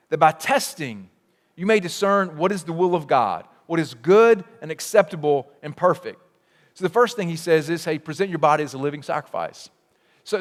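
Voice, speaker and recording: Animated male preacher in a reverberant church. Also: on the high side. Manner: animated preaching with rhetorical questions and repetition. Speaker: pastor. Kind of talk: sermon. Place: church sanctuary. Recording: long hall reverb.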